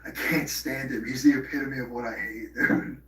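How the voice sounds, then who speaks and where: A man's voice: mid-range voice, steady tone, normal speed, bright, forceful tone. A man hosting a live stream, rambling in profane casual chat and slipping into mock impressions. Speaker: livestream host. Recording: roomy, distant from the mic.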